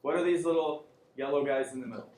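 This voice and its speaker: An anatomy and physiology instructor lectures casually at a quick pace, joking with his students and quizzing them. His voice is on the high side, and the echoey classroom carries crowd noise and a faint room hum.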